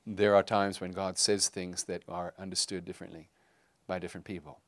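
A man's voice: low voice, level tone, fairly quick, dry recording. A middle-aged man, a pastor, preaching a sermon in a conversational way, with fillers and restarts.

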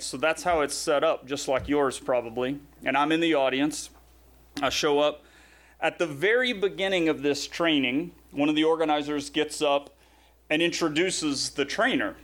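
Middle-aged male preacher, slightly high voice, chatty storyteller who turns solemn for scripture. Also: fairly bright tone. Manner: conversational storytelling, then slow solemn scripture reading. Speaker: pastor. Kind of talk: sermon.

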